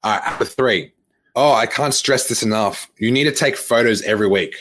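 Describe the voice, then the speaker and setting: A man's voice: mid-range voice, brisk, fairly bright tone, slight background noise. A young man, coaching fitness on a live podcast stream in a blunt, repetitive way with lots of fillers and swearing.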